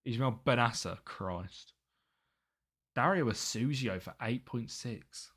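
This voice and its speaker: A man's voice: mid-range voice, takes it slowly, fairly bright tone, slightly rough. A young British man chatting casually on a live gaming stream, muttering to himself and laughing often.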